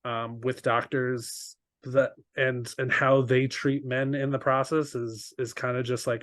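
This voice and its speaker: A man chatting as a podcast guest, loose and rambling, full of fillers and quick laughs. His voice sits at an ordinary pitch. The sound is dry and close, with no room around it. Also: level tone, a bit bright, dry recording. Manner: rambling, lots of fillers and restarts, laughs easily. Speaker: podcast guest, ADHD coach. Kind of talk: casual interview chat.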